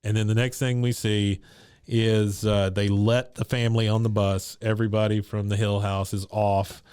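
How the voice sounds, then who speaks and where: Man recapping an episode, smooth and dry. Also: on the low side, flat delivery, normal speed, a little mellow, no echo. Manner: retells scenes, quoting characters' lines. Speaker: podcast co-host recapping an episode. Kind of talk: casual episode recap chat.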